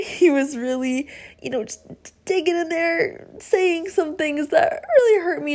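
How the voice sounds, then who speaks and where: A young woman hosting her own podcast, telling a story in a chatty, animated way and often checking in with "okay?". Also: on the high side. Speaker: podcast host. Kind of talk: casual storytelling monologue. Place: home, seated in a noisy chair.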